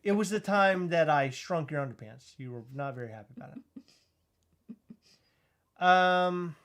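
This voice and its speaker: A man's voice: on the high side, moderate pace, long pauses, a bit bright. A man hosting a casual livestream chat, joking and rambling, who mentions he is in back pain. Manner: joking, rambling, self-deprecating. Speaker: host.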